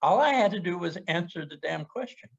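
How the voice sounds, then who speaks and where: A man's voice: high-pitched, animated, brisk, vocal fry. A middle-aged man talking in a reflective, earnest way in a casual conversation. He often stumbles and repeats words while he searches for his thoughts. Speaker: podcast co-host sharing personal experience. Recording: muffled lo-fi podcast audio.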